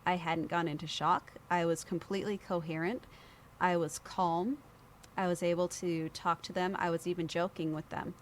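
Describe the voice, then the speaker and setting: A guest on a podcast, a woman with a voice on the low side, tells a personal anecdote at a moderate pace, lively and full of impressions of those she quotes. A little hiss or hum runs under the recording.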